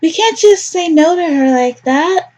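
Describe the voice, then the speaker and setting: Woman doing a clingy guilt-trippy mom voice, pitched way up, all baby and sweetie. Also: animated, a little slow, darkish tone, muffled recording. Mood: sweetly controlling. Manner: coaxing, calls him baby and pet names. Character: clingy manipulative doting mother, sickly sweet.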